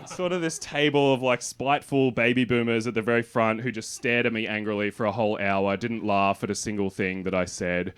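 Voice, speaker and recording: A man's voice: fairly low pitch, fairly even intonation, fairly quick, few pauses, fairly bright tone, a little hiss or hum. A man with an Australian accent doing a self-deprecating stand-up comedy set on a club stage with a handheld mic. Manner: dry, self-deprecating delivery. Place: comedy venue with live audience.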